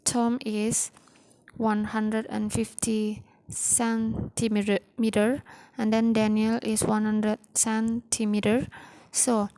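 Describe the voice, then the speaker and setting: A woman's voice: mid-range voice, warm tone, no echo, rough recording. A woman teacher explaining English grammar step by step, reading example sentences in simple, non-standard phrasing. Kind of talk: recorded grammar lesson.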